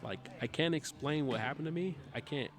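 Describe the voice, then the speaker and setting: A man's voice: on the high side, fairly quick, music in the background. A man, a guest on a talk show, chatting casually and animatedly, acting out bits of dialogue as he tells a story. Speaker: podcast guest, cornhole player.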